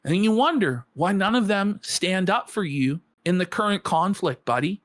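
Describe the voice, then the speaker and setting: A man's voice: high voice, expressive, moderate pace, fairly bright tone, no room sound. A man co-hosting a live reaction show, ranting scornfully at a clip. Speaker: co-host. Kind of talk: reaction commentary.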